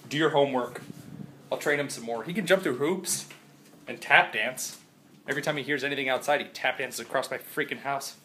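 A man chatting in a rambling, jokey vlog from his house, still sick, swinging from loud outbursts to mumbles. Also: mid-range voice, a little hiss or hum. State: sick, congested. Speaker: vlogger. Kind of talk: casual vlog chat.

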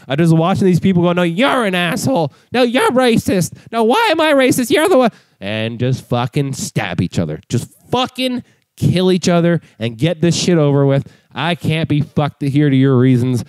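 A young man hosting his own podcast, ranting with mocking, profane humor and breaking into high voices to act out other people. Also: a little mellow, clean tone, dry recording. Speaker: podcast host. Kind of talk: comedic rant.

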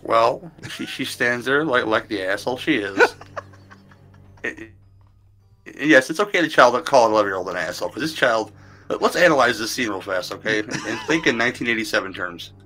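A man's voice: mid-range voice, very animated, fairly quick, bright, forceful tone, soft background music, low-quality recording. A man guesting on a movie review podcast, talking casually with stammered restarts and emphatic asides.

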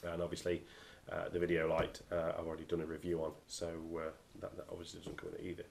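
A man's voice: low voice, monotone, fast, creaky, darkish tone, slight background noise. A man from the UK with a nasal voice from a cold, reviewing diving gear in a casual, hesitant way with lots of ums. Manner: hesitant, many ums and restarts.

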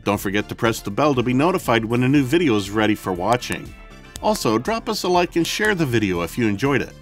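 A man giving scripted documentary narration, measured and explanatory, speaking directly to the viewers. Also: medium pitch, very animated. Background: faint background music.

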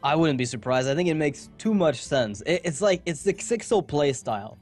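A man's voice: on the high side, expressive, darkish tone, soft background music. Chatty male esports caster. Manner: chatty, quick asides and jokes. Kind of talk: casual pre-match commentary.

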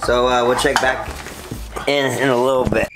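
A man's voice: medium pitch, fairly even intonation, normal speed. Easygoing young man talking to viewers. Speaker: vlog co-host. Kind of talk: casual vlog chat. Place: friend's bedroom indoors. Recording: noisy home recording.

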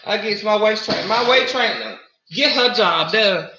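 A Southern US woman chats casually on a livestream, greeting viewers and calling them honey and y'all. Her medium-pitched voice moves at normal speed over background noise, and the lo-fi recording sounds roomy and slightly dull.

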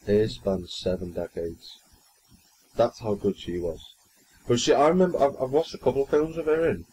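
In a casual podcast chat, this young co-host keeps rambling through news stories, with plenty of stumbles and restarts. The recording is poor, carrying a bit of hiss or hum, while his darkish, mid-range voice keeps a moderate pace.

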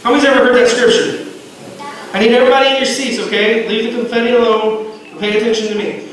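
A man teaching a lively Bible lesson to a room of children, repeating himself and calling them to order. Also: very high voice, fast. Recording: echoey room, far from mic, noisy.

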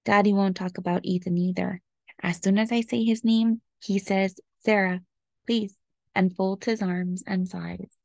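Gentle, expressive woman reading a children's storybook aloud; slight vocal fry, dry close recording. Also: medium pitch, moderate pace, no room sound, highs cut off. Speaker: storybook reader.

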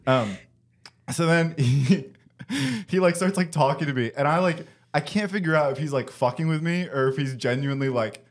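A young man with a somewhat high voice hosts a podcast from his home basement, speaking at normal speed. He tells a story casually, swearing and laughing often, in a relaxed chat.

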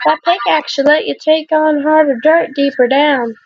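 A woman's voice: high-pitched, steady tone, moderate pace, lo-fi sound, soft background music, pitched above the performer's own voice. A woman voicing a friendly young woman who gives helpful advice in a video game.

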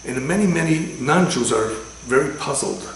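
Gravelly rabbi giving a lecture. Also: male voice, medium pitch, normal speed, a little hiss or hum. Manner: animated storytelling with sudden loud quotes and laughs. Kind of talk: religious lecture. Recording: echoey room with faint ambience.

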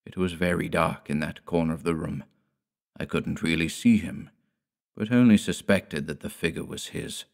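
A man narrating a classic horror tale in a measured, quiet storytelling manner. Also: low voice, gravelly. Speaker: audiobook narrator.

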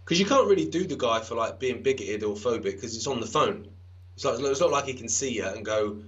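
A man's voice: mid-range voice, expressive, a little fast, a bit bright, slightly rough. A man co-hosting a podcast in jokey, casual banter, swearing freely. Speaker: podcast co-host. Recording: dull lo-fi podcast audio.

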